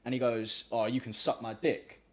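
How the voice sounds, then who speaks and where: A man's voice: medium pitch, flat delivery, moderate pace. A young man telling a story on a podcast, slangy and full of swearing. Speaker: podcast host. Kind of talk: casual storytelling.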